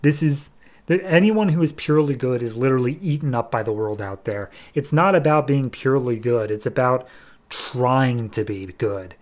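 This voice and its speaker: A man voicing a brash thirteen-year-old boy hero while casually retelling a comic, excited and slangy. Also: medium pitch, lightly acted. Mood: defiant. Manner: excited, slangy, talks fast in bursts.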